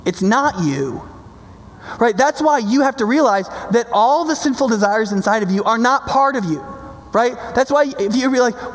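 A man's voice: very high-pitched, lively intonation, moderate pace, big-room sound. A man preaching a sermon in an emphatic, conversational way, often checking in with his listeners. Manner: emphatic, conversational, keeps asking "right?".

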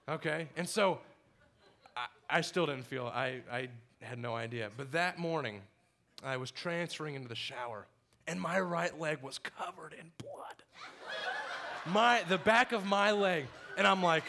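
A young man telling his personal story to a church congregation, animated and laughing often as he acts out his own past words. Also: on the high side, moderate pace. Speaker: church member giving testimony.

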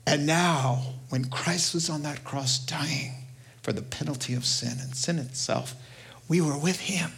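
A male pastor with a New York accent preaching a sermon, animated, acting out quoted voices and swinging between loud and hushed delivery. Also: a little high, unhurried, gravelly.

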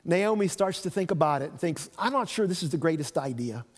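A man's voice: a little high, expressive, brisk. A man preaching a sermon, retelling a Bible story and acting out the voices of its people. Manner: storytelling, acts out voices of biblical figures. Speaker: pastor. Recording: long reverb of a church hall.

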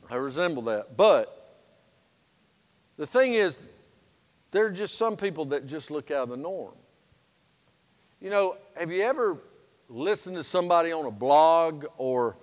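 High-voiced preacher in a reverberant church. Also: male voice. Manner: folksy, humorous preaching with swings between loud and hushed. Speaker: pastor. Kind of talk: sermon. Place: church sanctuary. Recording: long reverb of a church sanctuary.

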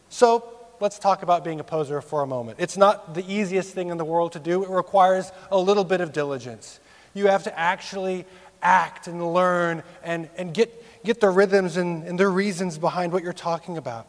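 A man in his thirties preaching a sermon, rising sharply for emphasis and dropping low and quiet on serious points. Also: steady tone, moderate pace, in a large hall. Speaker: pastor.

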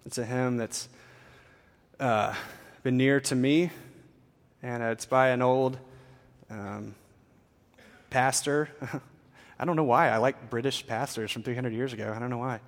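A man's voice: medium pitch, fairly even intonation, measured pace, long pauses, long reverb tail. A man preaching a sermon as a pastor, earnest and conversational, with frequent fillers.

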